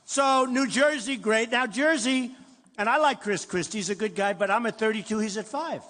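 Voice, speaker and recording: A man's voice: high voice, normal speed, a bit bright. An older man with a New York accent giving a rambling, boastful campaign speech to a large crowd in a hall. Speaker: political candidate at a rally. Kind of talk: rally speech. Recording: roomy hall reverb, faint crowd noise.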